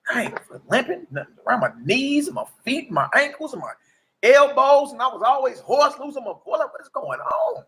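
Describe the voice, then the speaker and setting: A man in his forties giving a casual, preachy testimony as a livestream host, slangy and animated, often asking "you dig?". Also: very high voice, moderate pace. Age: 40s.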